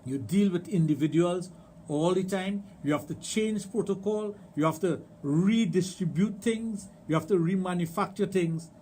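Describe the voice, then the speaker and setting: Trinidadian man, middle-aged, slightly high voice, emphatic radio storyteller; faint background noise. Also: moderate pace, mellow. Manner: emphatic, storytelling, repeats phrases. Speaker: radio show host, sexologist. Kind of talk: casual radio chat.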